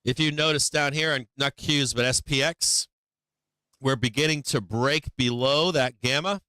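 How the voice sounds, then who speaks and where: A man's voice: medium pitch, moderate pace, bright, forceful tone, clean tone, no room sound. Blunt man hosting a market stream. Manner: blunt, swears, many restarts. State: losing his voice. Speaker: stock market live stream host. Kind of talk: live chart commentary.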